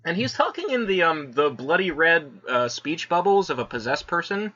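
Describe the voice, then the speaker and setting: A man's voice: a little high, big pitch swings, moderate pace, bright, forceful tone, lo-fi sound. A man co-hosting a casual comic review, laid-back and full of fillers like "like" and "you know.". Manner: laid-back, lots of "like" fillers, laughs often. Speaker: podcast co-host.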